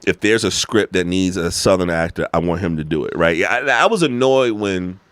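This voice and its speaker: Deep, lively American man talking. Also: a little fast, clear, resonant tone, no echo. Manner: animated, emphatic storyteller who swears freely. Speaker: podcast guest. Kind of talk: casual conversation.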